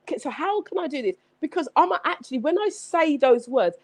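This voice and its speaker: Energetic woman hosting a motivational live stream, higher voice with lively swings, preachy and emphatic. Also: brisk. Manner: energetic, exclamatory, preachy, repeats phrases. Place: home setup with several screens.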